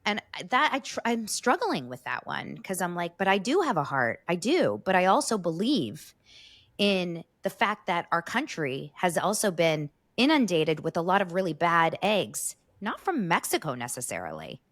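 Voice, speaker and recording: A woman co-hosting a podcast in casual chat, rambling and halting with frequent restarts. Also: on the low side, big pitch swings, a bit bright. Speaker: podcast co-host.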